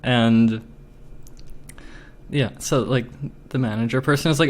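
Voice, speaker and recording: A man's voice: medium pitch, fairly even intonation, measured pace, pauses often. A man telling a story casually, agitated and swearing often, with lots of filler words. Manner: profane, agitated, filler-heavy.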